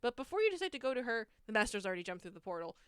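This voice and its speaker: A woman narrating as game master in a livestreamed tabletop game, playful and lively. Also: on the high side, rapid-fire, clean tone, dry recording, studio quality.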